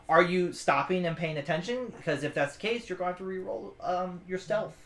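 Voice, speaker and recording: A man's voice: high voice, animated, fairly quick, a bit bright, reverberant. A man running a tabletop game as game master, explaining rules and thinking aloud as he rules on skills.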